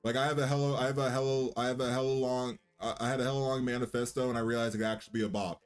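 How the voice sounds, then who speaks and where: A man's voice: mid-range voice, little pitch movement, rapid-fire. A young man hosting his own livestream, chatting loosely and cockily with restarts and fillers. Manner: loose, rambling, cocky banter with restarts. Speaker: livestream host and musician. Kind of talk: casual livestream chat.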